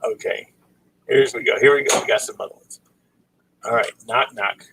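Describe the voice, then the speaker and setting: A man's voice: on the low side, normal speed, vocal fry, background noise. A man hosting a casual livestream, reading out dad jokes and cracking himself up with laughter. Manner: giggly, breaks into laughter at own jokes. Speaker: livestream host.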